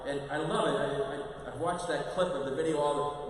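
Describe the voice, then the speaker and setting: A priest giving a parish mission talk in a conversational, animated way, acting out quotes. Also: male voice, fairly high pitch, normal speed, hardly any pauses. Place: large church. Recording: echoey church, voice from far off.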